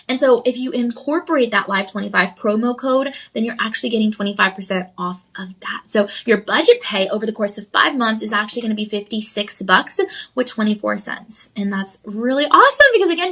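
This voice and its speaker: A woman's voice: on the high side, fairly bright tone. A woman hosting a live shopping channel jewelry sale, gushing and chatty as she talks straight to viewers. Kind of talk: live jewelry sales pitch.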